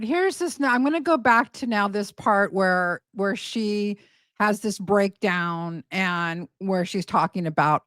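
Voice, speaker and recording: A woman's voice: medium pitch, dry recording. A woman hosting a casual commentary video, emphatic and incredulous, hammering points home by repeating words. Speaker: commentary host.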